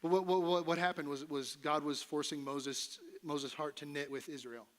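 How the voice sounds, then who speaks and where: A man's voice: on the high side, steady tone, moderate pace. Playful pastor preaching to his church. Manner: conversational, playful, acts out voices of Moses and God. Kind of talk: sermon. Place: church sanctuary.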